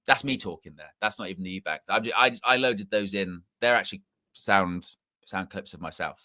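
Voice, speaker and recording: A man's voice: low-pitched, normal speed, bright, forceful tone, no room sound, clean studio sound. A man hosting a football fan stream in casual live chat, with a mixed English accent, rambling and repeating himself as he corrects his words. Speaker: football channel host.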